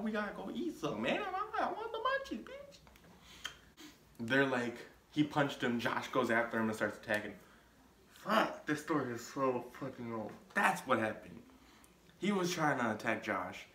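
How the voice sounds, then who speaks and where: A man's voice: medium pitch, sharp tone, roomy sound. A young man telling a casual story on his vlog, rambling with lots of filler words and restarts. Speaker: vlogger.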